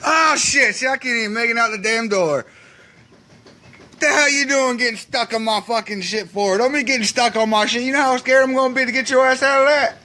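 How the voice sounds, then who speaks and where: Frightened man with a high shrieking voice. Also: a little fast, bright, forceful tone. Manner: panicky, cursing, shrieking in fright. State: sweating, frightened. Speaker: vlogger. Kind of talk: filmed personal vlog. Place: at home by a back door, outside.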